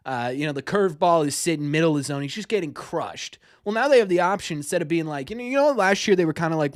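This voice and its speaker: A man's voice: a little high, expressive, quick pace, few pauses, no echo, clean studio sound. A young man hosting a casual sports live stream, talking through viewers' questions in a rambling way and often stumbling over and repeating his words. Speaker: sports podcast host.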